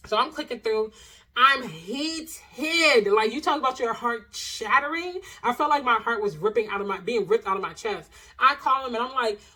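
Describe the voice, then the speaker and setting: In a low-quality recording, a young adult woman with a voice on the high side tells viewers a personal story at a moderate pace. Her casual vlog is animated and expressive, packed with slang and audience asides.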